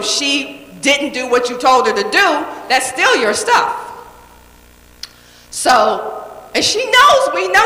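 A woman coach speaking at a live seminar, animated and emphatic as she chats with the audience. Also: fairly high pitch. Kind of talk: live motivational seminar storytelling. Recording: echoey hall reverb.

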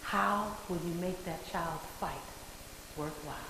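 A woman's voice: lowish voice, unhurried, noisy background. A woman giving a motivational speech to an audience, emphatic and repeating her key phrases for effect. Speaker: motivational speaker. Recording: echoey hall with long reverb.

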